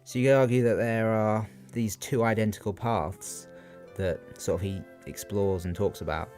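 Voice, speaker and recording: A young man with a very low, deep voice talks through his revision notes off the cuff. He hesitates often and leans on fillers as he goes. Faint guitar music plays behind him. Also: fairly even intonation, normal speed, a little mellow. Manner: hesitant, many ums and "sort of" fillers. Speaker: student giving revision analysis. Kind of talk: unscripted spoken revision talk.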